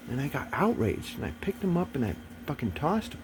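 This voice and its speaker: A man's voice: mid-range voice, sing-song, brisk, few pauses, a little mellow, a little hiss or hum. A man talking in a rambling casual monologue, swearing often and turning agitated and preachy.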